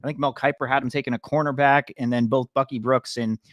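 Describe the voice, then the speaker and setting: A man's voice: mid-range voice, fairly even intonation, fast talker, no room sound. British-born man, podcast co-host, rambling casual sports takes, mid voice, dry recording. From Britain. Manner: rambling, self-correcting opinions.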